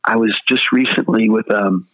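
Animated older pastor telling a story. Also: male voice, on the low side, normal speed, phone-quality sound. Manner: animated storyteller acting out dialogue. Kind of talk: storytelling interview guest.

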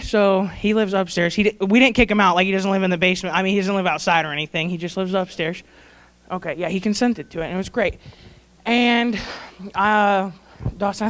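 A young woman with a smooth, clear voice speaks at a church service. She rambles warmly, laughing often and fighting back tears as she pays tribute. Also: mid-range voice. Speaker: church staff speaker honoring graduates. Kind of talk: heartfelt tribute speech.

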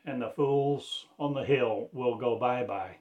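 A man's voice: medium pitch, unhurried, highs cut off. A man from Arkansas giving a rambling religious address as a self-styled preacher, pleading in loose, strung-together phrases. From Arkansas, USA.

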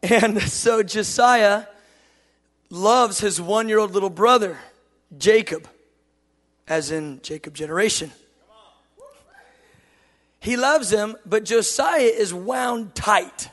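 Impassioned preacher man, high voice, reverberant hall. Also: takes it slowly, long pauses. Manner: impassioned, swings from loud declaring to soft tender storytelling. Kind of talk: sermon.

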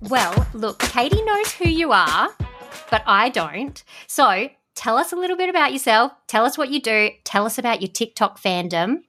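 A young woman co-hosting a podcast in casual chat, gushing and animated and laughing often. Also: on the high side, normal speed, soft background music. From Australia. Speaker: podcast co-host.

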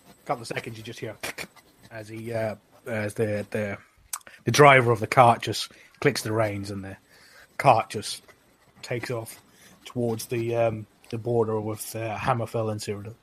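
A man's voice: lowish voice, steady tone, normal speed, a bit bright, husky. A man narrating as game master, rambling with frequent fillers.

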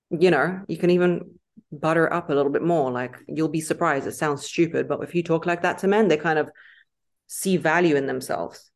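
A woman, a podcast guest in casual interview chat, talking emphatically and acting out quoted lines in lively voices. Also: low voice, a little fast.

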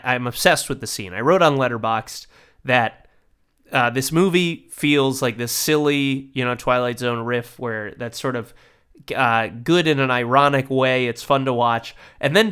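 A man co-hosts a casual podcast, jokey and lively. He stumbles into sentences and repeats words as he talks. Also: medium pitch, normal speed, clear, resonant tone. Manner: animated, jokey, stammering restarts.

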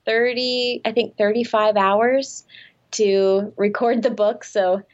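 A woman guest in a casual interview, telling stories in an animated, self-deprecating way and laughing often. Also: medium pitch, slow, lo-fi sound.

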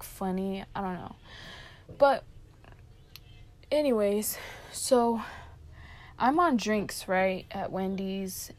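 A young woman casually telling a long story about her fast-food job, chatty and full of fillers, quoting her coworkers as she goes. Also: medium pitch, darkish tone.

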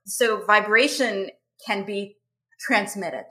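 Woman listening, quick to chime in. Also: mid-range voice. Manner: attentive listener, steady backchannels. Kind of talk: casual chat.

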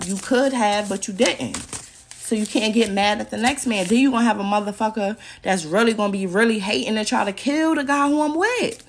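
A woman's voice: on the high side, brisk, gravelly, slightly rough. Blunt, profane woman ranting on a podcast. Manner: blunt, profane, animated, laughs often. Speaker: podcast host. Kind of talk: casual podcast rant.

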